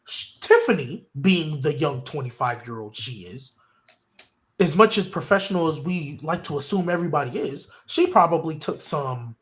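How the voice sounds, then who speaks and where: On his casual wrestling podcast, a male host rambles through his opinions at a moderate pace, his fairly high voice swinging widely in pitch. He often restarts sentences, keeping things animated and chatty.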